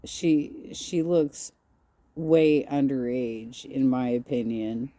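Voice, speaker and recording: A woman comments calmly on clips in a low, very dark voice, taking her time over each point. The sound is dry and close, with no room around it. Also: no echo. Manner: calm, measured, lecturing. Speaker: commentary host.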